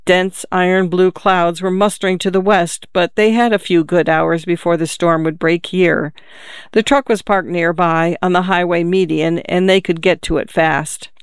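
A narrator reading a short story aloud in an even, measured way. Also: mid-range voice, smooth, no room sound, studio quality. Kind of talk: audiobook narration.

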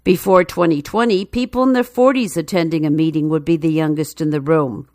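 Female narrator for a news feature: low voice, dry close sound, measured and even. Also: no echo.

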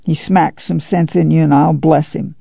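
Blunt, stern farm mother, read by a gravelly man. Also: on the high side, level tone, moderate pace, dark tone, no echo, full character voice. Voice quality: plain rural dialect, blunt. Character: steady, stern farm mother, middle-aged woman. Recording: dull dry lo-fi studio read.

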